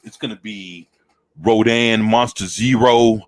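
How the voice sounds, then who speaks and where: A man's voice: on the low side, fairly even intonation, takes it slowly. A man co-hosting a casual podcast, laid-back and greeting viewers by name. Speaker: podcast co-host. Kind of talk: casual chat.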